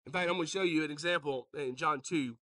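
A pastor preaching a sermon, joking with the congregation and calling out to them. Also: male voice, on the high side, quick pace, no room sound, recorded from a distance. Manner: joking, animated, calls out to the congregation.

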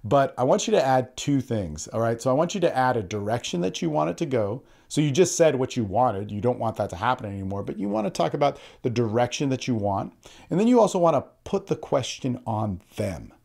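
Earnest male podcast coach, mid-pitched voice, tutorial delivery with acted-out example lines. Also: big pitch swings, a little fast, gravelly, darkish tone. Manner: earnest, repeats words, shifts into quoted example speech. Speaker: podcast host and social skills coach.

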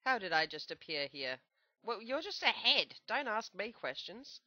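A woman's voice: mid-range voice, sing-song, normal speed, sharp tone, no room sound. A young woman doing playful, joking commentary on a video game. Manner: playful, joking, self-mocking. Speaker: gameplay commentator. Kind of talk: let's play commentary.

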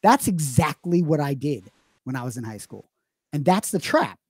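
A man's voice: fairly high pitch, big pitch swings, moderate pace, a little mellow, slightly rough, no room sound. A man explaining drumming as a teacher in a live online Q&A lesson, talking emphatically with frequent restarts. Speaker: drum teacher.

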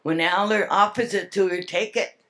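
A woman's voice: mid-range voice, moderate pace, fairly bright tone. An older woman giving an earnest, heartfelt public speech at a summit. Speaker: speaker at a salmon summit.

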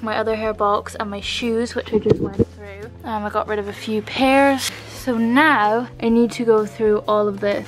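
A young British woman in casual, upbeat vlog chat, talking through her bedroom as she sorts it, filming on a phone held at arm's length. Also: fairly high pitch. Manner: chatty, upbeat, rambling. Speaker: vlogger.

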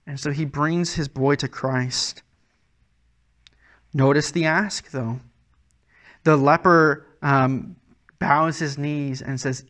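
A man's voice: on the high side, steady tone, unhurried, a bit bright. A man preaching a sermon as a pastor, earnest and conversational, often restarting his words.

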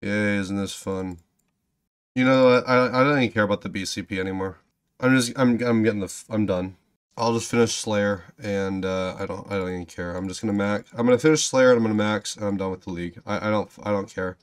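A man giving gameplay commentary, swearing constantly and swinging from low muttering to loud ranting, with sarcastic asides to himself. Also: steady tone, quick pace. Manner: sarcastic self-talk. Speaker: gaming channel host.

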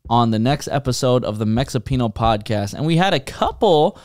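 A man's voice: mid-range voice, expressive, a little fast, a little mellow. A young man co-hosting a podcast in casual chat, laid-back and trailing off with fillers, swearing now and then. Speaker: podcast co-host.

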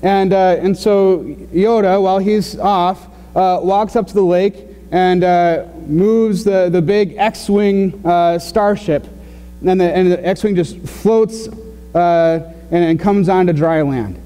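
Halting pastor with a warm voice in a reverberant sanctuary. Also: male voice, sits high, steady tone, clean tone. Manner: conversational, halting with many fillers and restarts. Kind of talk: sermon. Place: church sanctuary.

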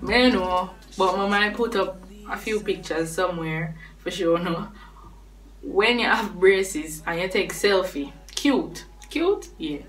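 Young woman, Jamaican accent, chatty vlogger, lowish voice, slightly off-mic. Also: a little slow, fairly bright tone, recorded from a distance. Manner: chatty, laughs between points. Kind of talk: casual talk to camera. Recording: voice a bit off-mic with faint music behind.

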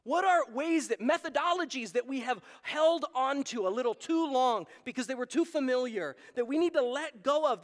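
Man, pastor, sermon, high voice, earnest and conversational, long church reverb. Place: church sanctuary.

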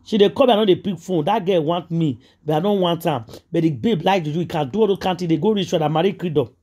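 A woman's voice: lowish voice, fast, mellow, slightly rough. A Nigerian woman hosting a gossip vlog, talking in an emphatic, repetitive, preachy way and mixing in Pidgin. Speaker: gossip vlogger. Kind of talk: casual celebrity gossip commentary.

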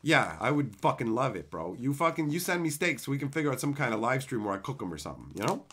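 While live-streaming, a man opens card packs and reads viewer messages aloud in profane, excitable, rambling banter. His medium-pitched voice moves quickly and has a breathy edge.

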